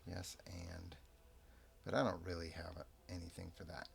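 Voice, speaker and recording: A man narrating a solo tabletop game as game master, in a relaxed, rambling, self-amused way. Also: low-pitched, normal speed, creaky, husky. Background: soft background music.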